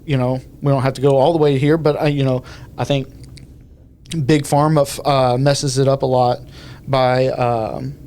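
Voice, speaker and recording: A man's voice: mid-range voice, flat delivery, normal speed, a little mellow. A man, co-hosting a podcast in casual, rambling talk full of fillers. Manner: rambling, loose sentences with many fillers. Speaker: podcast co-host.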